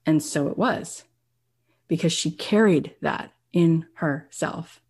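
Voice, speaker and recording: A woman hosting a podcast, giving an emphatic, animated motivational talk and often checking in with her listeners. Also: sits low, slow, slightly rough. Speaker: podcast host.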